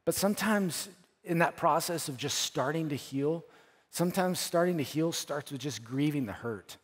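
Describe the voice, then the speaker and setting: A man preaching a sermon as pastor, earnest, repeating phrases, rising to emphatic peaks and dropping to soft, quiet lines. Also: fairly high pitch, lively intonation, moderate pace, breathy edge. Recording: church hall with long reverb.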